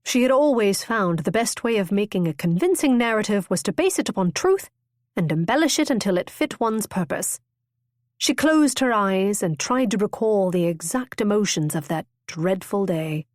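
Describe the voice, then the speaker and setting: In a measured, expressive reading, a woman narrates a scripted romance audiobook. Her voice is mid-range, and the recording is dry and studio quality.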